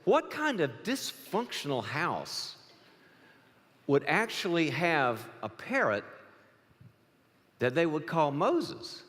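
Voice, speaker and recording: A man's voice: fairly high pitch, wildly swooping pitch, takes it slowly, pauses often, a bit bright, exaggerated voice. A man acting out a puzzled burglar in a joke, asking baffled questions in a reverberant hall. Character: puzzled nighttime male burglar.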